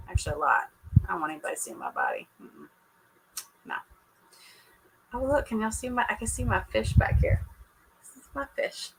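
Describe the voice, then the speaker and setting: A woman's voice: medium pitch, fairly bright tone, rough recording. A woman hosting a casual live reaction chat, talking to viewers in a teasing, chatty way and laughing often. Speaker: show reaction host.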